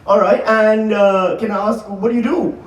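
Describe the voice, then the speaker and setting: A man's voice: high voice, fairly even intonation, moderate pace. A man in his forties performing stand-up comedy live, doing crowd work with the audience. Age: 40s. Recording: roomy live hall, distant mic, crowd laughter.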